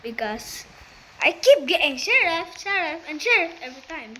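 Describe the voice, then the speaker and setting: A woman's voice: extremely high pitch, very animated, normal speed, sharp tone, a little hiss or hum, rough recording. A woman giving casual commentary on her own gameplay. She talks straight to her viewers, breaks out in laughter and exclamations, and uses loose, broken grammar. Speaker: gamer narrating her own play.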